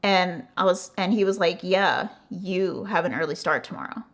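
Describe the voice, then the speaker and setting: A young woman from the United States telling a casual storytime on her channel, animated and swearing freely, acting out the other person's lines and padding her talk with "like". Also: lowish voice, moderate pace. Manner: animated, swearing, acting out quotes, frequent "like" fillers. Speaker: vlogger.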